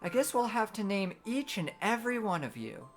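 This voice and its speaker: A woman voicing a lonely young girl who speaks softly and wistfully, longing for home. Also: medium pitch, sing-song, normal speed, soft background music, pitched above the performer's own voice. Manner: soft and wistful, rising to tearful cries.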